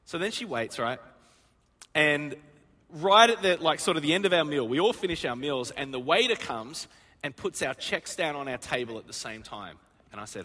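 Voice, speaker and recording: A male pastor preaching a sermon, telling a story in an animated way and acting out the voices in it. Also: on the high side, fairly quick. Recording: long reverb of a church hall.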